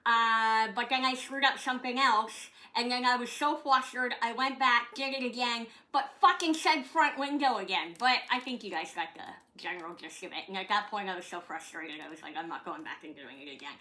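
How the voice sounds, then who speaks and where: A woman's voice: on the high side, moderate pace, hardly any pauses, pushed and bright. A middle-aged woman from Canada, chatting casually at home in a rambling way, swearing now and then. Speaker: vlogger. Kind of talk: casual chat.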